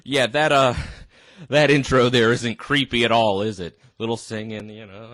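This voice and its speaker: A man's voice: mid-range voice, steady tone, moderate pace, a bit bright, dry recording, studio quality. A man in a crude, incredulous reaction rant, tipsy and laughing as he talks. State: drunk. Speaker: vlogger reacting to a video. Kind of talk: ranting reaction commentary.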